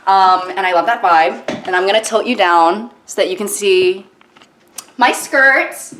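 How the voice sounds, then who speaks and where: A woman's voice: mid-range voice, a little slow, fairly bright tone, slight background noise. Young woman vlogger, casual self-mocking chatter, echoey phone recording. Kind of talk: casual vlog chat to camera. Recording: echoey room.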